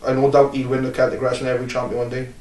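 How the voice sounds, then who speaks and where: A Welsh wrestler in a casual shoot interview rambles through memories of his career, bluntly and with many filler pauses. His voice is ordinary in pitch, monotone and darkish, and the recording sounds roomy with a distant mic.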